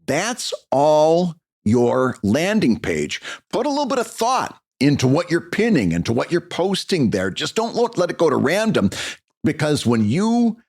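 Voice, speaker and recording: A man co-hosting a podcast, a cartoonist casually explaining how he set up his page. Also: a little slow. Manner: conversational, explaining with lively pitch.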